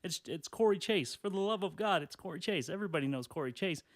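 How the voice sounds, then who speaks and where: A man hosting a casual solo podcast, rambling crudely through online comments, laughing often and clearing his throat. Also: high voice, expressive, fast, dry recording, clean studio sound. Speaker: podcast host. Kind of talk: casual solo podcast reading tweets aloud.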